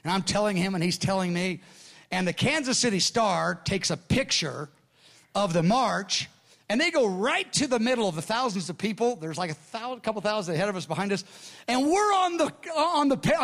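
Animated middle-aged male preacher telling stories. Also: high-pitched, brisk. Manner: animated storyteller, acts out quoted dialogue. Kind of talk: sermon storytelling.

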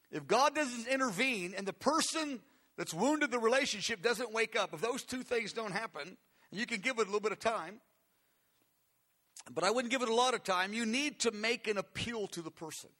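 A man's voice: very high-pitched, expressive, moderate pace, bright, forceful tone. A man preaching a conversational, earnest sermon, asking his listeners questions as he teaches. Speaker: pastor.

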